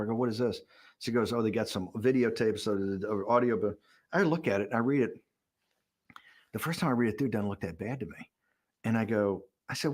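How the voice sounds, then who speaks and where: A man in his sixties, an interview guest, speaks in a lowish, husky voice and talks fast. In a candid documentary interview, he tells a story with animation, acting out the quoted dialogue.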